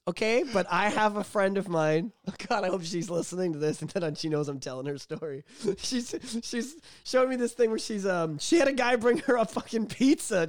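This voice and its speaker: A young man with a fairly high voice talks in loose podcast chat, swearing freely and teasing his co-host with bursts of laughter. The sound is dry and close, with no room around it. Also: no echo. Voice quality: crude, laughing, loud teasing. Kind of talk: casual chat.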